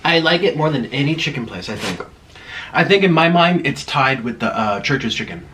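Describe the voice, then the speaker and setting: A man's voice: mid-range voice, expressive, normal speed, a bit bright, slight background noise. A man chatting casually while eating on camera, rambling and laughing at himself. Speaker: mukbang vlogger.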